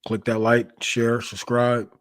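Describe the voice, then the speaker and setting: A man's voice: mid-range voice, little pitch movement, takes it slowly, no room sound. A man hosting a livestream in casual commentary, talking in a rambling way with heavy slang and lots of swearing. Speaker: livestream host.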